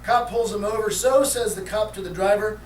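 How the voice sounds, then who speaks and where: A man's voice: high-pitched, fairly even intonation, a little fast. Man, joke teller, live party, laughs at own punchlines, roomy echo, distant mic. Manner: reads jokes aloud, laughs at his own punchlines. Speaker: music store host telling jokes. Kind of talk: joke telling to a live audience. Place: music store event room. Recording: echoey room, mic far off, background noise.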